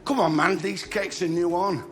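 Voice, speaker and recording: A man's voice: high-pitched, fairly even intonation, normal speed, a bit bright, soft background music. An actor playing a crude, pleading man desperate for the toilet in a sitcom. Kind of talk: sitcom acting.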